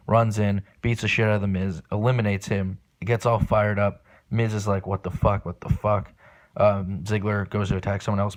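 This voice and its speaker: A man hosting a solo podcast, giving casual spoken predictions with lots of ums and restarts, excitable and swearing, recorded without his usual microphone. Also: on the low side. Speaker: podcast host. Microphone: not his usual microphone.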